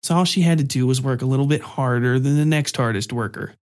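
A man voicing a drunk, crude, leering male office worker who mutters slowly and sloppily. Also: medium pitch, a little mellow, lightly acted. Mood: smug.

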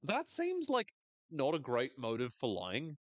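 A man's voice: mid-range voice, unhurried, dry recording. A man with a British accent, a podcast co-host casually recapping a TV episode with lots of jokes and swearing. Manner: animated and sweary, jokes often.

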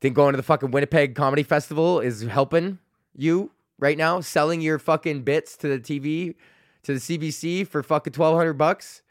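Profane ranting comedian host, dry mic. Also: male voice, fairly high pitch, normal speed, dry recording. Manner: swears constantly, rambling, laughs often. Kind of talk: profane solo rant.

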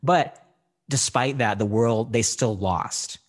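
A man's voice: mid-range voice, takes it slowly. A man in a casual chat about a film, rambling with lots of "like" and fillers. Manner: rambling, filler-heavy, frequent "like". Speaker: film discussion co-host.

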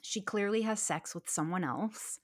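A woman's voice: medium pitch, moderate pace. Blunt, swearing woman. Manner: blunt and excitable, swears freely. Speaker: podcast host. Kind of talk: casual chat.

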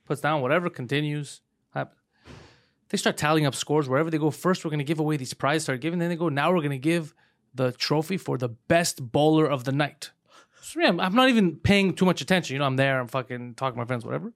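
Podcast co-host, male, high-pitched and rapid, a loose swearing raconteur. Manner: animated, swearing, laughs through his stories. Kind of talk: casual storytelling chat.

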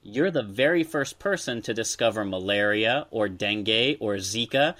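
A man's voice: lowish voice, animated, moderate pace, fairly bright tone. A man who hosts a podcast, casually telling history stories with asides to his co-host. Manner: storytelling, explains history with asides. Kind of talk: casual chat.

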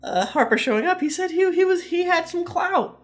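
A woman playing a tabletop game, excitable and stammering as she plays her character. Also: extremely high pitch, fairly quick. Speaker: player. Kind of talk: casual in-character play.

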